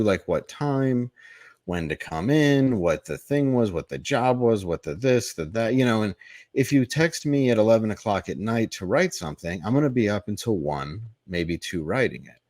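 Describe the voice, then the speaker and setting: A man's voice: fairly low pitch, darkish tone, no room sound, studio quality. A man, a comedian guest on a podcast, telling a long candid story in a blunt, profane, rambling way.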